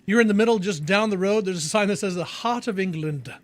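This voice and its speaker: A man's voice: sits high, brisk. A man streaming a game, chatting casually with viewers in a jokey, laid-back way. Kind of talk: casual chat.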